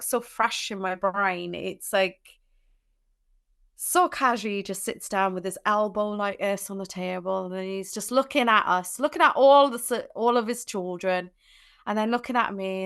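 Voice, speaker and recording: A woman's voice: medium pitch, gravelly, fairly bright tone, clean tone. A young adult woman, a podcast guest, tells a personal story in an emotional way, teary at times, with many restarts and fillers.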